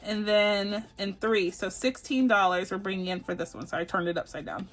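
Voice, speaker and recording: A woman's voice: mid-range voice, steady tone, a little fast, fairly bright tone, soft background music. A woman from Texas chatting casually and giggling as she counts up her savings challenge sums aloud on her budgeting channel. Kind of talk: casual chat while doing savings challenges.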